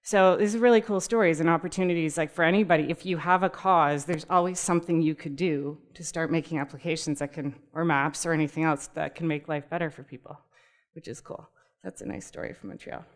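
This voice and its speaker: Low-pitched and brisk, her voice holds a steady tone as she speaks to a live audience at a tech community talk. The presentation is conversational and upbeat, full of easy laughter and direct address to the room.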